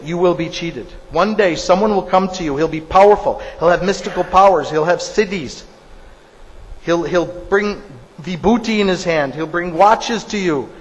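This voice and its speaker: A man preaching a sermon in an emphatic, storytelling way, repeating phrases for stress. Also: sits high. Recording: long hall reverb.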